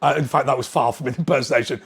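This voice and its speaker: A man's voice: mid-range voice, steady tone, very fast, husky. A man giving an opinionated political monologue to camera, indignant and firing off pointed rhetorical questions. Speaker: political commentator.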